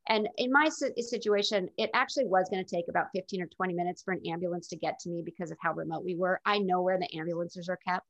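A woman's voice: fairly low pitch, fast, hardly any pauses. A middle-aged woman telling her own story in an interview, in a candid and reflective way. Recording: dull lo-fi recording.

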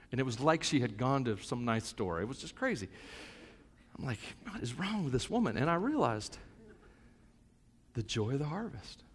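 A man's voice: medium pitch, big-room sound. Man preaching with rising fervor. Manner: swings from soft musing to loud fervent preaching. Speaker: pastor. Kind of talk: sermon.

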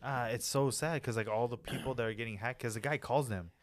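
A man's voice: medium pitch, fast. A man from the United States co-hosting a casual podcast, telling loose, slangy stories full of fillers and restarts. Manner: rambling, loose slangy storytelling with many fillers. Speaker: podcast co-host. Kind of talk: casual chat.

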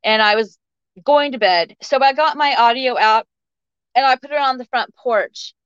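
A woman's voice: normal speed, a bit bright, smooth, no room sound. A woman in her forties, a podcast guest, telling a personal story with energy and acting out the other people's voices as she quotes them. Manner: acts out the quoted voices of others with shifts in pitch. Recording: slightly muffled dry recording.

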